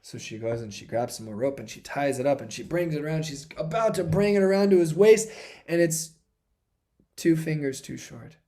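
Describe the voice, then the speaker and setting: A man giving a devotional talk, telling a sacred story dramatically, swinging from hushed passages to intense ones. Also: fairly high pitch, normal speed. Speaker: spiritual speaker.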